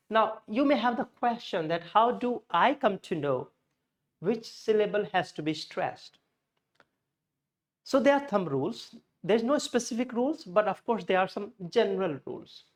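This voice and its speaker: A man teaching a spoken lesson on word stress, drilling pairs of pronunciations and adding chatty asides. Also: fairly high pitch.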